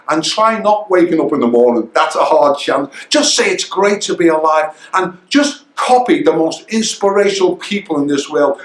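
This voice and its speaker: An older man, the founder of a coaching academy, giving an energetic motivational coaching talk that hammers home its key phrases. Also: fairly high pitch. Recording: roomy echo.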